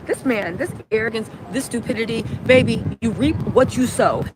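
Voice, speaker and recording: A woman hosting a casual livestream from a city street, talking fast and emphatic, tagging "right?" onto her points. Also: a little high, heavy background noise. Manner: chatty, emphatic, many "right?" tags. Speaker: livestream host.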